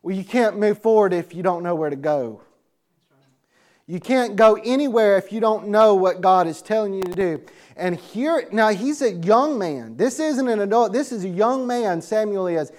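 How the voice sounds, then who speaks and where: A man's voice: high voice, moderate pace. A man preaching to young people, acting out a Bible story with audience helpers and laughing along. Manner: lively, laughing, calls on audience members. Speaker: youth pastor. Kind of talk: animated sermon with acted-out bible story.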